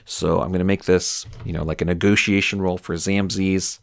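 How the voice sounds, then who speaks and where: A man's voice: deep voice, flat delivery, moderate pace, creaky. A man running a solo tabletop game, musing aloud with loose, filler-heavy narration. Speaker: game master.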